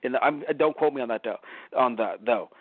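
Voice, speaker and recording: A man co-hosting a casual podcast chat, animated and profane, laughing often. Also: medium pitch, a little fast, husky, no room sound. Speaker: podcast co-host. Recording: dry, phone-like lo-fi sound.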